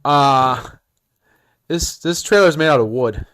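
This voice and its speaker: A podcast host with a mid-range voice speaks slowly as he tells a work story on a casual show. He's animated, laughs often and swears a lot.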